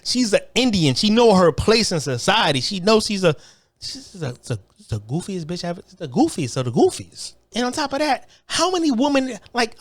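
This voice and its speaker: An online commentator delivers a heated political monologue, cursing freely and repeatedly stumbling into restarts. His voice sits high and swings widely in pitch.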